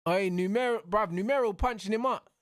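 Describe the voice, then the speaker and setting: A young man calls a fight live for his stream, excitable and full of slang, barking at the referee. His voice sits high, and the sound is close and dry with no room around it. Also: brisk, no room sound. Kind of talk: live fight watch-along commentary.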